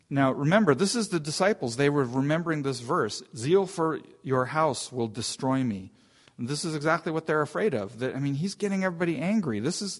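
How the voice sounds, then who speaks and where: A man teaches through a Bible passage in an easy, conversational way. He thinks aloud, often restarting his sentences as he works out what to say. His voice sits at an ordinary, middle pitch.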